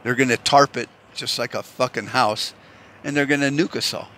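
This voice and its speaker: A man's voice: medium pitch, fairly even intonation, moderate pace, bright, forceful tone, slight background noise. A man from the United States delivering a heated, rambling, profane rant and restarting his sentences often. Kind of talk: ranting monologue.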